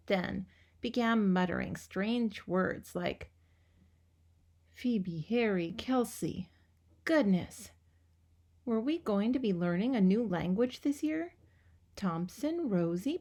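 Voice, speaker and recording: A woman reading a children's book aloud with expressive, lively storytelling. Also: mid-range voice. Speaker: reader.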